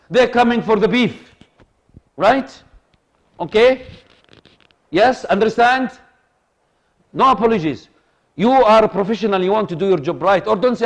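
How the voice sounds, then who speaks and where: Animated male lecturer. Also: sits high. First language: Arabic. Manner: animated, repeats himself, asks the audience for agreement. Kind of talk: classroom lecture on presenting.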